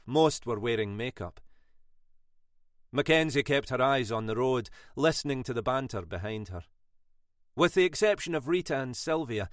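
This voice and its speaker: Reading scripted thriller narration for an audiobook, this man sounds measured and expressive. There's no room sound, just clean studio audio of his mid-range voice.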